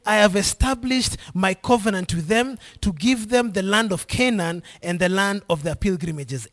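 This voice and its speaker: A man preaches to his church congregation in a high-pitched voice. He reads scripture out loud and keeps turning to the listeners with prompting questions, like a teacher leading call-and-response. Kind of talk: sermon with Bible reading.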